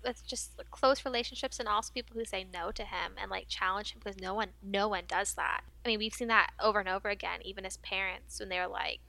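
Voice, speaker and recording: A young woman co-hosting a book podcast, chatty and quick to laugh, full of "like" fillers. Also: mid-range voice, creaky, bright, forceful tone, dry recording. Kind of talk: casual book chat.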